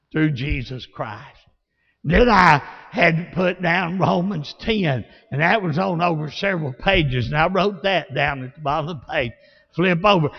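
A man with a Southern accent preaching a sermon, telling folksy stories and rising to shouts. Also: on the high side, creaky. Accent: Southern American. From Alabama. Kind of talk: sermon with storytelling. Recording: lo-fi, long reverb of a church hall.

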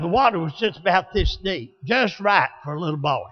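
A man preaching a sermon, telling a personal story with dramatic swings between hollering and hushed pleading. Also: high-pitched, animated, moderate pace. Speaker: pastor. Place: church sanctuary. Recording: dull recording with long hall reverb.

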